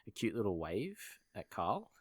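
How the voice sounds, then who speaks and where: Man, podcast co-host, low pitch, dry close mic, rambling recap, lots of ums. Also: huge pitch swings, normal speed, no room sound. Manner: rambling recap with fillers and acted quotes. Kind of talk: casual film review chat.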